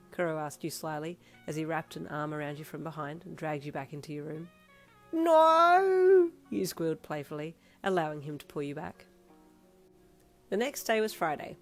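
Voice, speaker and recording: Low-voiced woman reading a story. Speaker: narrator. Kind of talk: reading fan fiction aloud.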